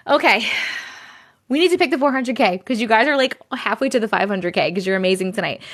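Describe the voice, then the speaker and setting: A woman's voice: a little high, lively intonation, fast talker. A woman with a New York accent hosting a casual livestream chat from home on a phone, giggly and playful. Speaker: livestream host.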